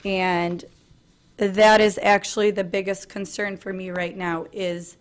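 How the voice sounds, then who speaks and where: A woman in her thirties giving an earnest personal presentation at a family meeting, pausing often on "um". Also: mid-range voice, flat delivery. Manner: earnest, frequent "um" fillers, light laughs.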